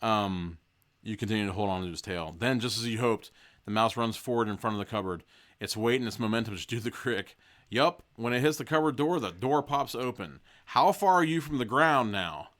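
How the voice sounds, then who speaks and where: A man's voice: fairly low pitch, lively intonation, brisk, fairly bright tone. A man hosting a podcast, casually reading a gamebook aloud and breaking off with profane, joking asides. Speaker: podcast host.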